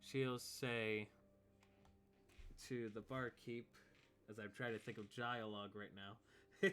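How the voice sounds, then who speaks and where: A man game master narrating a tabletop session in a loose, rambling way, dropping quick "boom" and "wabam" interjections. His voice sits fairly low with a bright, forward tone. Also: steady tone, clean tone. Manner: casual, rambling, sound-effect interjections.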